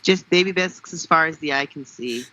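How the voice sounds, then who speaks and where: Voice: mid-range voice, a little fast, pushed and bright, rough recording. A podcast co-host who is sick, tossing in dry, joking quips in casual chat.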